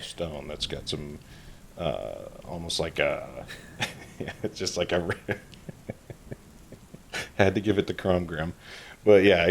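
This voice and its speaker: A man narrating a tabletop game as game master in a casual, rambling way. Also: deep voice.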